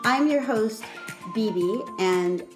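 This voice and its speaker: A woman's voice: fairly high pitch, expressive, slow pace, echoey room, over music. A woman hosting a podcast in casual, chatty conversation, laughing often and joking at her own expense. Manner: giggly, chatty, self-deprecating. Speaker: podcast host. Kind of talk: casual chat.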